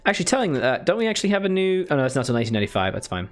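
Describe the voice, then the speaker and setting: A man's voice: on the high side, very animated, rapid-fire, soft background music. A man giving casual commentary while playing a strategy game, thinking aloud and scolding himself. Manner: muttering, self-deprecating, thinking aloud. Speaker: strategy game let's player.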